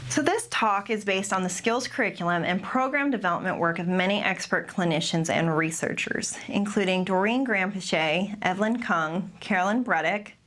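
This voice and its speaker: A young adult woman, a behavior analyst, gives a webinar talk and answers questions, with many pauses and restarts. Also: mid-range voice, a bit bright, slight background noise. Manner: careful, with frequent ums and restarts. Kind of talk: webinar presentation with Q&A.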